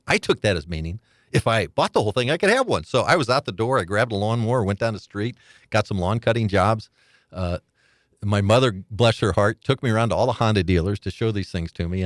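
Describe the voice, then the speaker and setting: Older male guest, deep voice, animated storyteller, dry close recording. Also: dry recording. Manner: animated storyteller, laughs often, acts out quoted voices. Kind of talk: storytelling interview.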